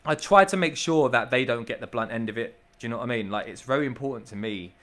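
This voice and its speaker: A man's voice: medium pitch, fast talker, fairly bright tone. A man, a business owner, talking as a podcast guest in an enthusiastic, emphatic way, repeating himself and calling the host bro. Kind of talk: casual podcast chat.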